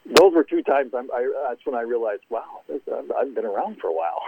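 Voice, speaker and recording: A man's voice: mid-range voice, big pitch swings, moderate pace, vocal fry, husky. A man in his sixties from the American Midwest, a golf course architect telling anecdotes in an interview with chuckles and repeated words. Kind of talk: casual storytelling interview. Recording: tinny phone line, dry.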